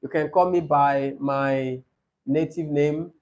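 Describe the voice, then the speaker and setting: Male tutor, higher-pitched, patient and repetitive coaching delivery. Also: steady tone, slow. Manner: explains patiently, repeats examples, laughs easily. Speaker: IELTS speaking tutor. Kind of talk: classroom coaching.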